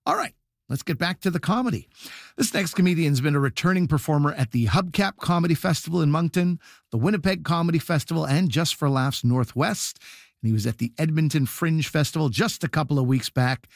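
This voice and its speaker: A man hosting a comedy show, briskly introducing the next comedian. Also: on the high side, expressive, gravelly, no echo, studio quality.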